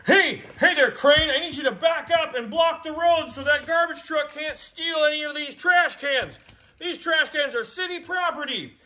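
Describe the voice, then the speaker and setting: A woman playing with toy cars alongside a child, narrating the action in an animated way with sound effects. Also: sits high, moderate pace. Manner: animated, makes sound effects and voices for toys. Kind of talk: playful toy play narration.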